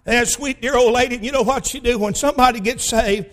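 A man with a high-pitched voice preaches by telling a story from his own life. He talks in a folksy, emphatic way and breaks into shouts when he praises. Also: quick pace. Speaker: pastor. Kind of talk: storytelling sermon.

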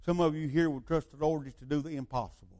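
A man's voice: a little high, steady tone, quick pace, warm tone. An older man preaching a sermon, rambling through stories and asking his listeners rhetorical questions.

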